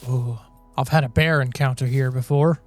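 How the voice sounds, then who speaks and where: A man's voice: medium pitch, fairly even intonation, moderate pace, soft background music. A man giving casual gameplay commentary, rambling and joking with lots of fillers. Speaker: game video creator.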